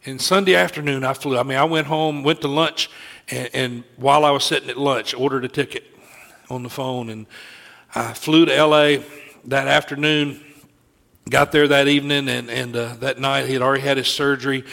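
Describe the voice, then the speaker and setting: A man's voice: mid-range voice, fairly even intonation, normal speed, creaky, fairly bright tone. A middle-aged man preaching a sermon, telling a personal story in an earnest way and often restarting his sentences.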